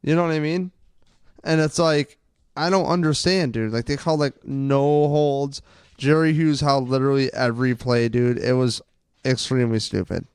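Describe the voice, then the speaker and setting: A young man co-hosting a casual sports podcast, ranting excitably and swearing a lot. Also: mid-range voice, normal speed, clear, resonant tone, no echo, studio quality. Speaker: podcast co-host.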